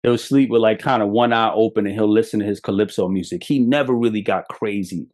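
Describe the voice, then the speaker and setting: A middle-aged Brooklyn man talks straight at his listeners in a podcast monologue. He is blunt and profane, and his stories come out animated and emphatic. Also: fairly low pitch, a little fast. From Brooklyn, New York. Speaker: podcast host. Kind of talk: motivational monologue.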